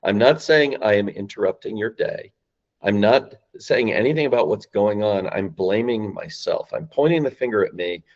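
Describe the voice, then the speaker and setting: In a lowish voice at a moderate pace, a man who founded a sales company guests on a podcast to break down sales calls. He speaks emphatically with a rising and falling voice, acting out phone lines, on lo-fi audio.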